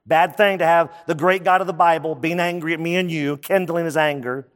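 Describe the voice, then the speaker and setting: A man delivers a sermon in a conversational preaching style, his voice sitting a touch high. He drops in quick asides between his points. The sound carries the long reverb of a large hall. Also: fairly even intonation. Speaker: pastor.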